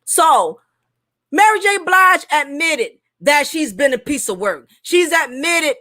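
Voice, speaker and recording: Woman, high voice, bright tone, emphatic opinionated commentary, slightly thick speech. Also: very animated, takes it slowly. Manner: emphatic, opinionated, repeats herself; speech slightly thick from recent dental work. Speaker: commentary host. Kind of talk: casual commentary monologue.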